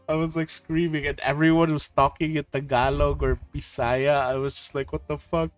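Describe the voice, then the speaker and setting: A man from the Philippines chatting casually with his viewers about trip photos, excitable, swearing and laughing often. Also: on the high side, a little fast, no room sound. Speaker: streamer host.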